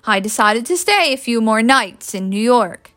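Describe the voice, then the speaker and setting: A woman voicing a smug, charming young British man with a smooth, taunting manner. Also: on the high side, animated, moderate pace, a bit bright, no echo, studio quality.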